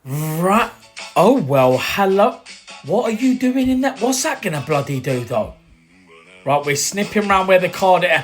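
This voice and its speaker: A woman chatters to herself as she cuts and fits pieces for a craft project. Her voice wanders widely up and down. Soft music plays behind her. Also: on the low side, sing-song, a little slow. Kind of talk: muttering while doing crafts.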